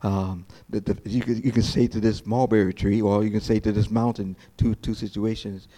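Giving a sermon from the pulpit as pastor, a man alternates hushed, slow quoted lines with lively, high-pitched preaching, with frequent word repetition and restarted phrases.

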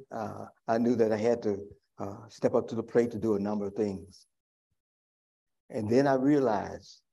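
A male pastor preaching a sermon. He climbs into loud, high preaching and then falls back to quiet, reflective asides. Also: vocal fry.

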